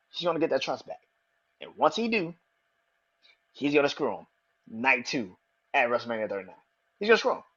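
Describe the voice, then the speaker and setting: A man hosting a podcast, talking excitedly and with a lot of swearing, repeating his predictions for emphasis. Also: a little high, breathy edge, highs cut off. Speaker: podcast host. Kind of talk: casual wrestling commentary.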